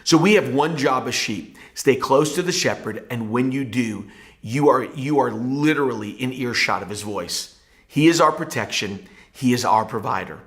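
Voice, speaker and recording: A man's voice: medium pitch, normal speed. A male pastor giving a devotional Bible teaching in an earnest, emphatic preaching manner.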